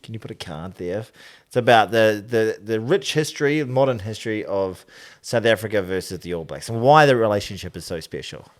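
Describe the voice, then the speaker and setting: A man with a fairly low voice co-hosts a casual rugby podcast. He rambles in a jokey way, drifts off onto tangents and restarts his sentences. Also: expressive, fairly quick, few pauses. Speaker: podcast co-host.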